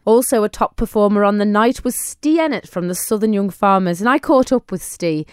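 A woman's voice: medium pitch, brisk, darkish tone, clear, resonant tone, no echo, studio quality. A woman reporter interviewing a performer after a concert. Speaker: radio reporter. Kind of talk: on-the-spot interview.

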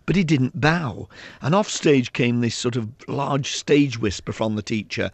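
In a dry recording, a gravelly-voiced man from South Yorkshire, England, tells anecdotes at a measured pace and medium pitch as an author and interview guest. He laughs often and brings the stories alive by acting out children's voices.

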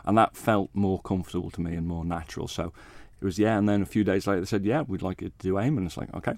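A man, a bass player, chatting as a radio guest in a modest, rambling way, acting out what others said to him. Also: quick pace, vocal fry, darkish tone, dry recording. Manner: modest, rambling, acts out quoted talk. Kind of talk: casual interview chat.

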